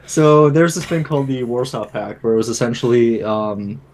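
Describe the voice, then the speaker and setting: Young male guest, relaxed chatter, giggles through his answers, mid-range pitch. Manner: chatty, laughs between phrases. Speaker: podcast guest. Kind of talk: casual podcast chat. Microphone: home computer mic on a video call.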